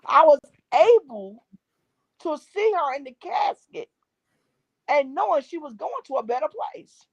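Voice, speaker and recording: A woman's voice: high-pitched, very animated, measured pace. Emphatic, preachy middle-aged woman. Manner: preachy, emphatic, repeats key phrases. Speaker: gospel singer and drummer, guest. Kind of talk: casual interview, faith testimony. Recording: dull dry lo-fi recording.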